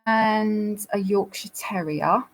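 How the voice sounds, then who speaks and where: A woman's voice: mid-range voice, slow pace, slight background noise, poor audio. A woman hosting a live Q&A, talking through viewer photos in a chatty, explanatory way with frequent fillers. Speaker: dog behaviourist host.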